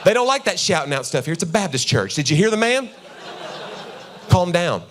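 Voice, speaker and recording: A man's voice: high-pitched, big pitch swings, fairly quick, a bit bright, a little hiss or hum. A man in his forties doing stand-up comedy on a church stage, talking to the crowd conversationally and acting out little scenes with his wife. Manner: conversational, acts out voices of his wife and himself. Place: church auditorium with a live audience.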